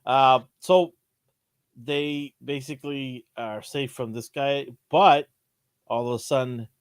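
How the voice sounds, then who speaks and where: A laid-back man co-hosting a podcast, speaking in easy slang with frequent chuckles. His voice sits at an ordinary middle pitch and is recorded dry and close. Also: fairly even intonation, slow pace, clear, resonant tone, no echo. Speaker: podcast co-host. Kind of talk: casual chat.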